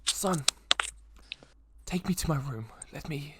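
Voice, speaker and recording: A man playing a frail old male mayor in a tabletop game, speaking slowly and softly. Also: fairly high pitch, lively intonation, heavy background noise. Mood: solemn.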